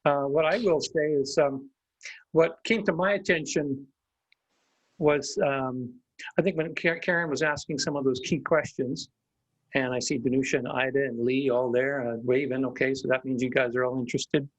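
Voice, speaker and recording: A man hosting a group video call, reflective and relaxed, with many fillers. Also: medium pitch, moderate pace, no room sound, poor audio. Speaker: host.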